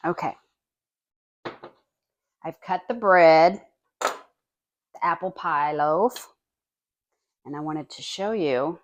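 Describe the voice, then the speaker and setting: A woman vlogger chatting casually in her home kitchen as she bakes and tastes, talking with her mouth full now and then. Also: low-pitched. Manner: chatty and homey, talks while tasting. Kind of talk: casual cooking demonstration.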